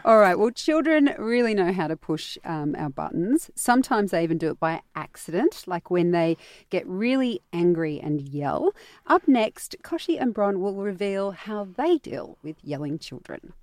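An Australian woman hosting a parenting panel podcast, chatty and quick to laugh. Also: mid-range voice, dry recording. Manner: lively, laughing, teasing. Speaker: podcast host. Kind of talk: casual panel chat.

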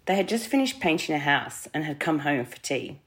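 A woman's voice: sits low, very animated, a little fast, a bit bright. A woman reading as a shaken witness. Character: woman giving a shaken police statement.

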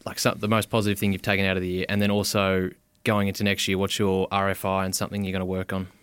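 This is a young Australian man hosting a relaxed podcast chat. He keeps up a teasing, bantering tone, and his voice sits on the lower side. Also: quick pace, clean tone, dry recording. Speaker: podcast host. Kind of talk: casual podcast interview.

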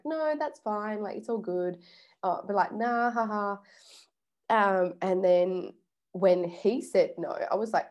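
A young woman with a mid-range, dark-toned voice vlogs casually about personal boundaries in a self-help style. She's chatty, swears freely and acts out little quoted exchanges.

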